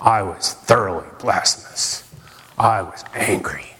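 A man's voice: deep voice, measured pace, pushed and bright. A man preaching a sermon in a dramatic way, with rhetorical questions and repeated lines for emphasis. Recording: long reverb of a large hall.

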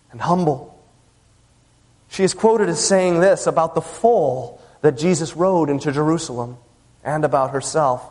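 A man preaching a sermon to his congregation, earnest, with emphatic pauses. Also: high-pitched, a little mellow. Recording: long hall reverb.

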